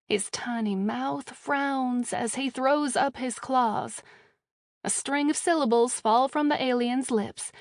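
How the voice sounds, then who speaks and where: A woman narrating a first-person audiobook with a wry, measured delivery, recorded close in a studio booth. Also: on the high side, no room sound.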